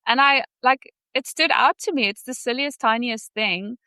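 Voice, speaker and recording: Bright, clear-voiced woman guest. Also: on the high side, moderate pace, no echo. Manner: heartfelt, earnest, animated. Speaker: podcast guest, sales student. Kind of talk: candid personal storytelling.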